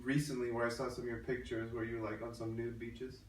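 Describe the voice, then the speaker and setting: Relaxed, curious male host, casual and profane, off-mic in an echoey room. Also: mid-range voice, fast. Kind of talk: casual interview chat. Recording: echoey room, mic at a distance, faint noise.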